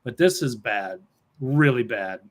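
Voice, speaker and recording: A man's voice: mid-range voice, animated, unhurried. A man co-hosting a talk show, giving blunt, opinionated takes in casual chat. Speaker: co-host.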